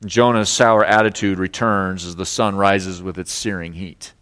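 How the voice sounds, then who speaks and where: A male pastor preaching a sermon, expressive, acting out the lines of the story. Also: deep voice, moderate pace, clean tone, big-room sound. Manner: expressive preaching, acts out voices of God and Jonah.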